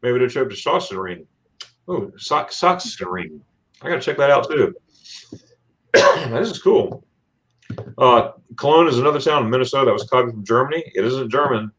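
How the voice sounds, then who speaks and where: A man's voice: mid-range voice, expressive, normal speed, long pauses, a bit bright. A man from Florida hosting a casual livestream, reading out viewer comments in a rambling, chatty way with plenty of fillers and restarts. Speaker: livestream host.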